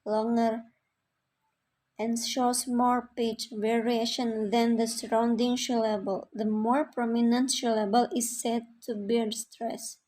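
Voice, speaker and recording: A young woman with an Indonesian accent reading a class presentation aloud in a steady delivery. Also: fairly high pitch, poor audio. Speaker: student presenter.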